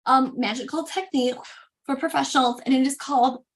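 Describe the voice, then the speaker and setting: A woman hosting a casual live makeup tutorial, chatty and animated, often interrupting herself. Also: high-pitched, a little fast. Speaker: makeup demo host.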